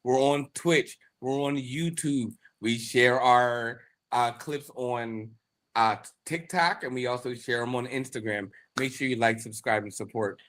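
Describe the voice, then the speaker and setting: A man's voice: mid-range voice, a little slow, a bit bright. Emphatic male podcast host. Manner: emphatic, preacher-like repetition. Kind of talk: casual chat.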